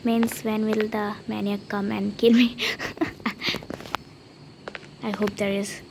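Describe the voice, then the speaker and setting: A woman's voice: medium pitch, little pitch movement, takes it slowly, gravelly, background noise. A woman, commenting nervously on a horror game as she plays, often dropping to a whisper and pleading. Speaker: gamer playing a horror game. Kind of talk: casual gameplay commentary. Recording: loud typing and clicks behind.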